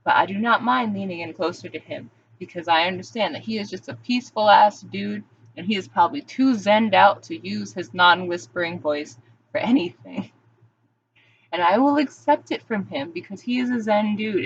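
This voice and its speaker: A woman's voice: medium pitch, a little hiss or hum. A young adult woman talking candidly in a rambling, confessional vlog monologue, full of "like" and restarts. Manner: rambling, candid, heavy use of "like". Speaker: vlogger. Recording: dull lo-fi recording.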